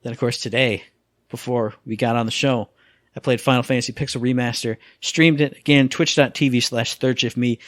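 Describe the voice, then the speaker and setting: A man co-hosting a casual gaming podcast, telling stories with lively acted-out quotes and sound effects. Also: medium pitch, a little fast, dry recording. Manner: animated storyteller, acts out quotes and sound effects. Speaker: podcast co-host.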